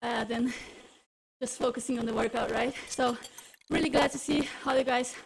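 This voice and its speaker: A woman's voice: fairly high pitch, fairly even intonation, normal speed, gravelly, a little hiss or hum, low-quality recording. A woman coaching a live indoor cycling workout, out of breath, encouraging riders and cueing them through intervals.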